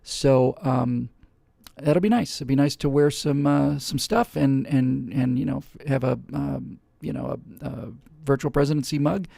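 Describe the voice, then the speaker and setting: A man's voice: mid-range voice, a little slow, creaky, mellow, dry recording, clean studio sound. A man hosting a live webcast, talking casually and rambling with many fillers and restarts. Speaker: host.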